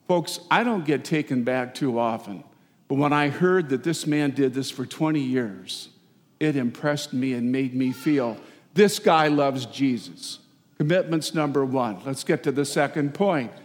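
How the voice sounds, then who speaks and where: A middle-aged man, a parish priest, giving a folksy, animated sermon with asides to the congregation. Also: mid-range voice, a little slow. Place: large church. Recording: long church reverb.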